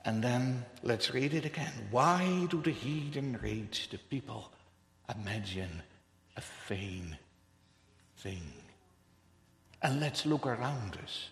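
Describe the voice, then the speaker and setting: Male preacher, emphatic and rhetorical, slow and lively delivery, long hall reverb. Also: medium pitch, vocal fry. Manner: emphatic, rhetorical, repeats words for effect. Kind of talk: sermon.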